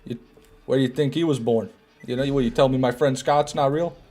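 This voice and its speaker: A man's voice: mid-range voice, steady tone, brisk, darkish tone, faint music behind. A man streaming a game, chatting casually and joking while he answers viewers' chat. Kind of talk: casual gameplay commentary, reading chat.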